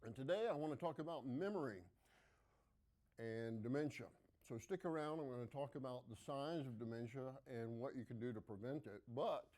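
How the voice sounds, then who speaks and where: Folksy doctor hosting a TV segment. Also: male voice, mid-range voice, dark tone. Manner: plain-spoken, folksy, with frequent "uh" fillers. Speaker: physician hosting a health segment. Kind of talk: conversational health talk to camera.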